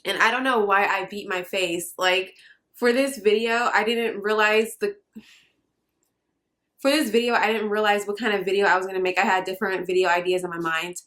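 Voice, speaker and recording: A young woman speaks to her viewers in a heartfelt personal vlog. She is earnest and halting, and she pauses often with fillers. Her voice has a middle pitch and sits near tears. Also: steady tone, fairly bright tone. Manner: earnest, hesitant with many fillers. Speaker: vlogger.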